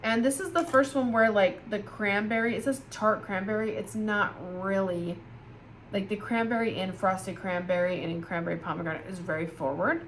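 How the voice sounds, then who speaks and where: A woman's voice: medium pitch, steady tone, moderate pace, slight background noise. A tired woman chatting casually and with gushing enthusiasm as she reviews scented candles for her viewers. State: tired, yawning. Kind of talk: casual product review vlog.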